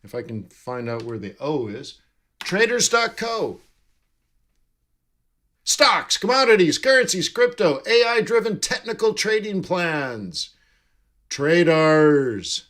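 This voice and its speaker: A man's voice: a little high, sing-song, measured pace, fairly bright tone. A man hosting a live trading stream, chatting casually and jokily with viewers while reading their comments. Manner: chatty, jokey, reads out chat and answers viewers.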